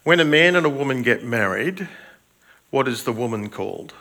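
With lively intonation and a moderate pace, this older pastor's mid-range voice sounds creaky, bright and forceful. He delivers a chatty sermon in a church hall, joking about himself and questioning the children.

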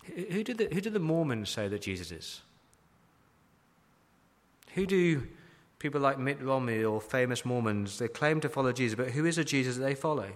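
A man's voice: medium pitch, animated, normal speed. A man preaching a sermon as pastor, emphatic, asking repeated rhetorical questions. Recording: long hall reverb.

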